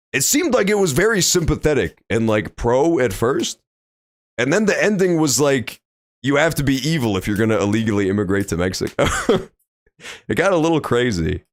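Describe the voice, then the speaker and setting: A young man streaming a game, reacting loudly and swearing often in casual commentary. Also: medium pitch, no echo, studio quality. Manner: animated, reactive, swears often, loud outbursts. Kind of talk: let's play commentary.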